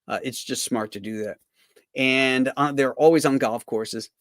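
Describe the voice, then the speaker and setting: Brief: male cartoonist rambling through anecdotes on a livestream, mid-pitched voice, dry close sound. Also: measured pace, fairly bright tone, no echo. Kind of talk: casual livestream chat.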